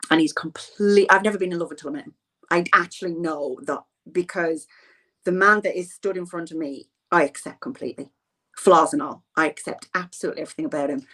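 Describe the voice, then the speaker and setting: A woman's voice: on the low side, fairly bright tone. A middle-aged woman in an interview, telling a personal story in an earnest, rambling way and often repeating herself.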